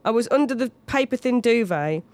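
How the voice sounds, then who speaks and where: Her voice fairly high and her pace fairly quick, a comedian guest in her thirties trades casual anecdotes. She brings them to life by mimicking all sorts of voices.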